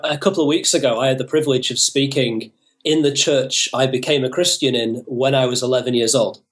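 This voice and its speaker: A man's voice: mid-range voice, steady tone, a little fast. A young British man from northern England, a guest on a podcast, talking in an upbeat way and laughing easily. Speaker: guest, youth worker. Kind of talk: casual podcast interview.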